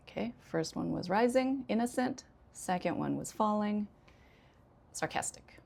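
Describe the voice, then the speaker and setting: A woman ESL teacher with an American accent, giving a spoken English lesson in a clear, deliberate way and addressing learners directly. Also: medium pitch, animated, a little mellow. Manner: clear, deliberate teaching delivery with example sentences.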